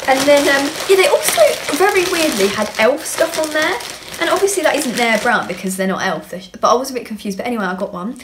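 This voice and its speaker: A woman's voice: sits high, lively intonation, fast talker. Bubbly young woman, gushing. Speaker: beauty vlogger. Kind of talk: casual unboxing chat. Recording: clear background noise with clicks.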